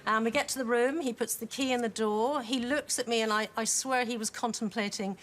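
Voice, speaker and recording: A woman from Northern Ireland, an audience member telling a funny anecdote with gentle amusement. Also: on the high side, fairly even intonation, a little fast.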